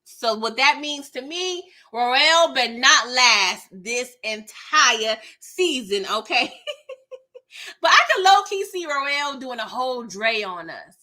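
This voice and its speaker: Woman host, live episode recap; bright, slightly high voice; animated and laughing. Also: slow pace. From California. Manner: animated, laughing, acts out characters mid-story.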